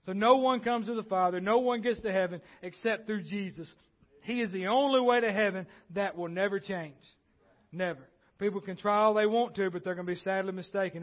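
A man preaching a sermon, repeating key phrases and swinging between loud points and quiet asides. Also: high-pitched, fairly even intonation, a little fast, highs cut off. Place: church.

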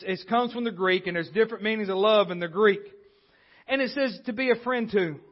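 A man with a high-pitched voice delivers a sermon from the pulpit, speaking conversationally and often stumbling into restarts. The sound is dull and lo-fi, as if captured on modest equipment. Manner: conversational preaching with frequent restarts. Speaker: pastor. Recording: dull lo-fi recording.

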